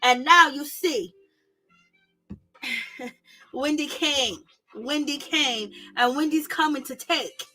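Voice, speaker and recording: A woman recapping a reality show in casual, slangy talk, animated and gossipy, laughing often. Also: high-pitched, slow, long pauses, soft background music. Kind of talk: casual commentary.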